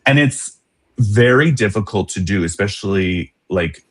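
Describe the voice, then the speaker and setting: A man's voice: lowish voice, animated, measured pace, fairly bright tone. A man appearing as a guest on a podcast over a video call, talking earnestly about his work as an educator. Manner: earnest, conversational, many fillers. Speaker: guest, social justice educator. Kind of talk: casual podcast conversation.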